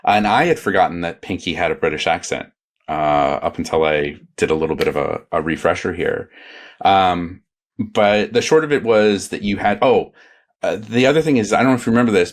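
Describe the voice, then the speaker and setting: A man's voice: low voice, normal speed. A man on a podcast panel explaining a topic in casual chat, rambling and hesitant, with plenty of fillers and restarts.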